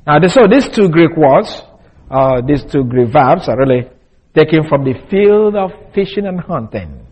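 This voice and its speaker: A male Bible teacher giving a deliberate expository lesson and spelling out Greek words letter by letter. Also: fairly high pitch, animated, a little mellow, breathy edge, low-quality recording.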